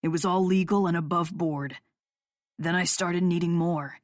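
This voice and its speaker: Brief: woman narrator playing bitter male musician, lowered voice, audiobook character, dry studio. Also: normal speed, dry recording, close to an everyday voice. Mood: confessional. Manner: low, flat, growling delivery. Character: bitter male rock musician, hurting and guarded.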